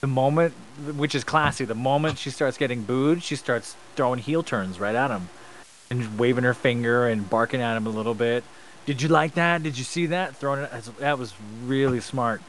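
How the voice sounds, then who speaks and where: A man co-hosting a wrestling podcast in casual chat, upbeat and jokey with quick asides. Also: mid-range voice, slight background noise, low-quality recording. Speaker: podcast co-host.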